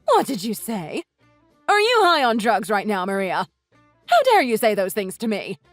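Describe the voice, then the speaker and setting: A woman's voice: mid-range voice, huge pitch swings, moderate pace, dry recording, faint music behind. A woman voicing an older mother who scolds indignantly in a text-message story.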